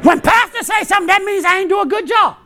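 A pastor preaching an impassioned, colloquial sermon, shouting in bursts and chuckling between points. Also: male voice, extremely high pitch, quick pace. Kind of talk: fiery sermon.

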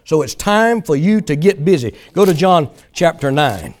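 A man's voice: fairly high pitch, very animated, normal speed, a little mellow. A male pastor preaching a sermon in a folksy, emphatic way, mimicking pleading prayers for effect.

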